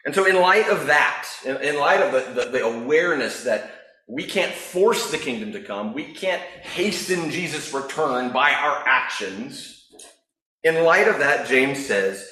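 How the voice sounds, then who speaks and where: A male pastor delivers a sermon in a relaxed, conversational way and drifts easily into storytelling. His voice sits at an ordinary pitch for a man. The church is echoey around him. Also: a little slow.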